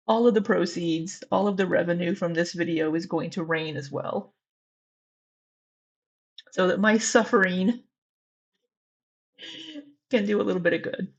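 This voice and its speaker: A woman reacts live for her viewers in a loose, teasing chat and now and then swears. Her voice is husky and slightly breathy. The recording sounds dull and lo-fi. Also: medium pitch. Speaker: livestream reaction host.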